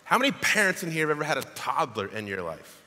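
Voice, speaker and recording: A man preaching a sermon as pastor, reading scripture aloud in an animated way. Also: on the high side, fast, a little hiss or hum. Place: church sanctuary. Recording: long hall reverb.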